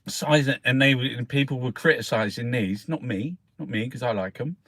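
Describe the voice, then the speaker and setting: A man's voice: mid-range voice, fairly quick, sharp tone, no room sound. An Irish man hosting a casual newspaper review, rambling and swearing freely as he talks. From Ireland. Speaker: host.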